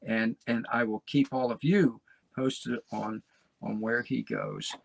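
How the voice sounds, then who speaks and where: A man's voice: medium pitch, fairly even intonation, takes it slowly, gravelly, a little hiss or hum. A man from the United States hosting his podcast in a casual, rambling monologue, restarting phrases and chatting to his listeners. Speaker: podcast host.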